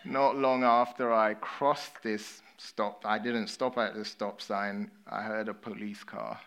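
A man from England with an English accent, a pastor delivering a sermon. He tells stories with energy, then drops to hushed, sober emphasis. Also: lowish voice, takes it slowly, clean tone. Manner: storytelling, swinging between lively and hushed, sober.

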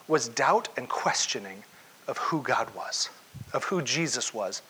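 A man's voice: a little high, bright, forceful tone, husky. A man preaching a conversational sermon, asking his listeners questions and acting out the lines of the story. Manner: conversational, questions the audience, acts out quotes. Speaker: pastor. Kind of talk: interactive sermon.

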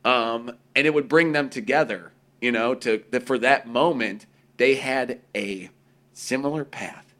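A man's voice: mid-range voice, unhurried. Casting: a loose, foul-mouthed podcast co-host, a man who jumps into quoted voices. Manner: profane, animated, acts out quoted voices. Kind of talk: casual conversation.

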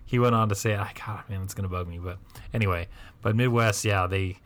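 A man's voice: lowish voice, fairly even intonation, brisk, fairly bright tone. A man co-hosting a podcast, chatting casually in a rambling, jokey way that often trails off mid-sentence. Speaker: podcast co-host. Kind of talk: casual chat.

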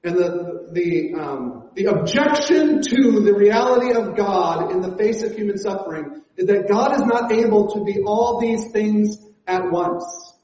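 A man's voice: high-pitched, animated, unhurried, hardly any pauses, dark tone. A man preaching a conversational sermon as pastor, with frequent fillers and restarts. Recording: echoey church hall.

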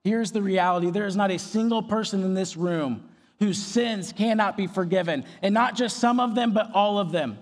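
A man's voice: high-pitched, normal speed. A young man preaching a sermon as pastor, earnest and emphatic, with phrases repeated for weight. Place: large auditorium. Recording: long hall reverb.

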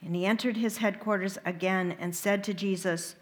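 A woman reading a Gospel passage aloud in a liturgy, steady and deliberate. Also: mid-range voice. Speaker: reader.

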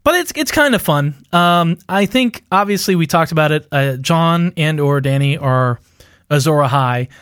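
Rambling man with a slightly high voice. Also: expressive, moderate pace, fairly bright tone, clear, resonant tone, no room sound, studio quality. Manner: rambling, filler-heavy, laughs at his own theories. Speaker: podcast co-host. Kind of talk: casual fan-theory chat.

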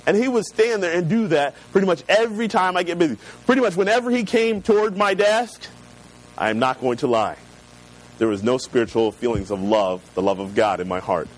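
A man preaching a sermon, reading scripture slowly and then telling personal stories in a relaxed, conversational way. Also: a little high, low-quality recording. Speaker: pastor.

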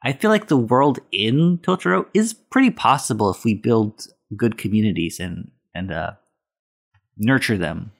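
A man's voice: lowish voice, expressive, moderate pace, creaky. A man co-hosting a casual movie podcast, explaining things loosely with fillers. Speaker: podcast co-host.

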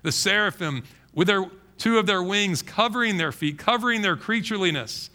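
A man preaching a sermon as pastor, emphatic and animated, often restarting his phrases. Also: high voice, moderate pace.

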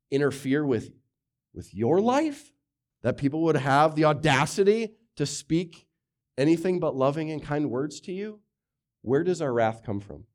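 A middle-aged man preaching a sermon as a pastor, talking conversationally with many rhetorical questions and swinging from loud emphasis to hushed lines. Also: fairly high pitch.

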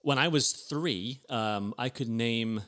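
A man's voice: medium pitch, fairly bright tone. A man co-hosting a casual car podcast, speaking in an easygoing, agreeable way. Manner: easygoing, agreeable, quick backchannels. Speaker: podcast co-host.

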